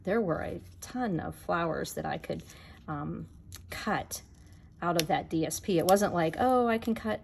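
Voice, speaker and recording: A woman with a low, unhurried voice and some vocal fry demonstrates card making in a casual tutorial, with slight background noise. She chats to her viewers as she works.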